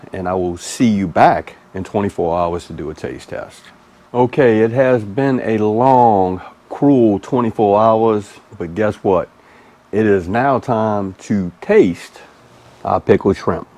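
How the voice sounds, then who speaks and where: A man with a Mississippi Southern accent hosts a relaxed cooking vlog. His voice sits a bit low, and his folksy, easygoing manner keeps the chat loose and friendly. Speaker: cooking channel host.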